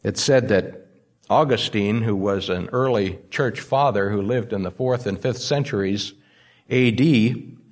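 A man's voice: lowish voice, measured pace. A man preaching a sermon, stressing key words by repeating them. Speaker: pastor.

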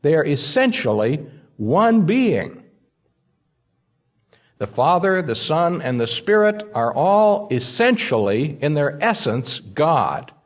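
A man's voice: fairly high pitch, big pitch swings, slow. A man preaching a sermon, stressing key words by repeating them. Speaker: pastor.

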